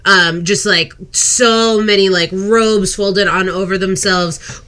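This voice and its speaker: Brief: woman game master, unhurried, bright tone, giggly casual narration. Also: mid-range voice, steady tone. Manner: giggly, casual, many fillers.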